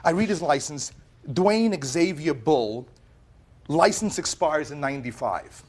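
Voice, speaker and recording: A man giving animated, emphatic testimony as plaintiff on a televised courtroom set. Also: on the high side, measured pace, slightly rough.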